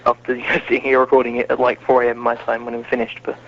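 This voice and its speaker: A man's voice: mid-range voice, monotone, fast talker, slight background noise. Chatty male podcast host, muffled audio. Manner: chatty, self-mocking. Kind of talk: casual chat.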